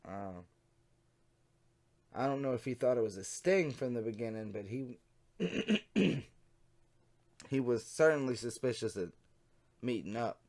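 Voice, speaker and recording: A man's voice: medium pitch, expressive, a little slow, long pauses, a little mellow. Blunt, sardonic male commentator. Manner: blunt, sardonic, swears freely. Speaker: online commentator. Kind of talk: casual commentary reading chat logs.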